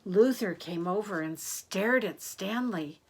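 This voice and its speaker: Slow-reading grandmother storyteller. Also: medium pitch, slightly rough. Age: older. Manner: gentle, animated read-aloud with asides to listeners. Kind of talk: reading picture books aloud to children.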